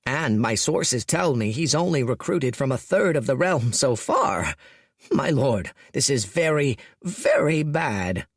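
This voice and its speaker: A man's voice: sing-song, a little slow, hardly any pauses, husky, dry recording, clean studio sound, heavily acted. A man doing a panicky, voice-cracking dragon underling. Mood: pleading, panicked. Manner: high, cracking, pleading. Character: nervous, desperate skinny male dragon lieutenant.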